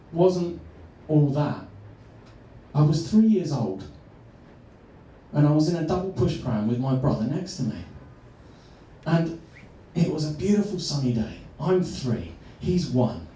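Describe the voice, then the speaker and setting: Male coach, lively pitch, mellow tone, miked from afar in a roomy space, earnest storytelling. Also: slight background noise. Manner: earnest storytelling, slows for emphasis. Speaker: transformational coach. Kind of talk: personal story talk. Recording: echoey room, far from mic.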